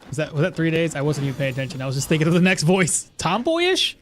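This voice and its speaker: A man giving casual, rambling gameplay commentary, chatty and quick to laugh, at a home setup. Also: a little high, a little hiss or hum. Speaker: gaming streamer.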